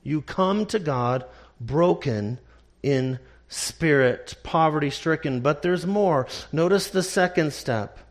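A man preaching a sermon in a measured, emphatic way, slowing down to stress key words. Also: a little high, expressive.

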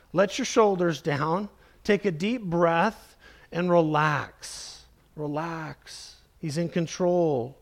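Man, preacher, sermon, emphatic repetition, fairly high pitch. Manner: slow, emphatic, repeating key phrases; addresses listeners as "beloved".

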